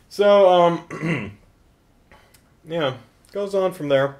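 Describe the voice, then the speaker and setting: A man's voice: on the high side, drawn-out words, a little mellow, slight background noise. A man casually recapping a horror film in a joking, sarcastic way. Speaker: film reviewer.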